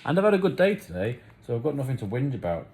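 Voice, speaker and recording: A man's voice: mid-range voice, very animated, fast talker, darkish tone. A man rambling on in a casual, self-mocking monologue to camera, swearing freely. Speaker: vlogger.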